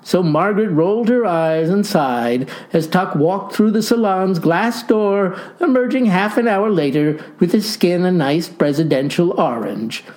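A man's voice: sits high, lively intonation, measured pace, few pauses, a little mellow. Wry folksy male storyteller. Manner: dry, wry storytelling with folksy old-fashioned phrasing. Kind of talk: scripted comic narration.

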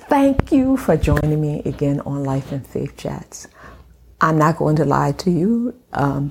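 A woman with a Liberian accent giving a slow, deliberate devotional talk as the host of a faith channel, dropping into soft whispered asides. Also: sits low, gravelly, slight background noise. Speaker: faith vlogger.

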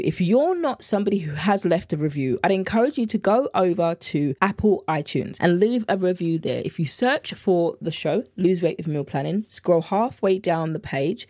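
A woman's voice: fairly low pitch, dark tone, dry recording, clean studio sound. A woman with a British accent, hosting a podcast as a meal planning coach in an earnest, heartfelt and repetitive solo monologue.

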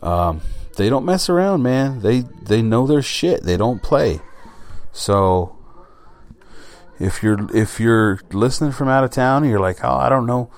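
A man's voice: medium pitch, lively intonation, unhurried, darkish tone. A man hosting a solo podcast, talking in a blunt, rambling way and swearing casually. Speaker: podcast host.

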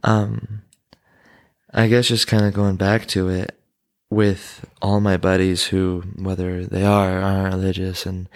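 A young man talks in a loose, rambling way, full of fillers. His voice is low and gravelly, with little rise and fall. The sound is close and dry. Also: completely flat delivery, measured pace, no echo. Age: young adult. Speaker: guest, son of host. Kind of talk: casual chat.

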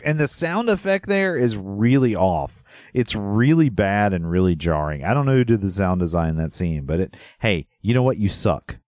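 A man with a lowish voice, co-hosting a relaxed podcast. He rambles and teases in a playful, easygoing way. The recording is dry and close. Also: normal speed, no echo. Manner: laid-back, rambling, playful teasing. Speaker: podcast co-host. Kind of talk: casual chat.

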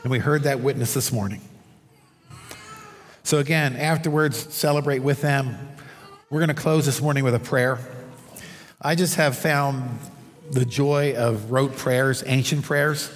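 A man's voice: medium pitch, steady tone, a little slow, pauses often. A male pastor preaching a conversational sermon in a church, telling stories and asides to the congregation. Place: church sanctuary under stage lights. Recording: long hall reverb.

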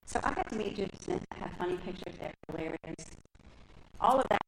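Low, gravelly-voiced woman sharing testimony. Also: quick pace. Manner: lively, chatty storytelling, talks with her hands. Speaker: speaker at a women's church gathering. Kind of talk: personal testimony and scripture teaching. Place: room with a live audience. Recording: echoey room with faint background noise.

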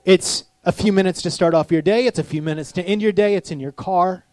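A man preaching a sermon as a pastor, animated, acting out the voices of people he quotes. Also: high voice, a little fast, no echo.

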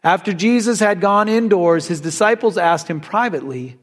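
A male preacher giving a conversational sermon, reading scripture aloud and retelling it in an animated, storytelling way. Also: high-pitched, moderate pace.

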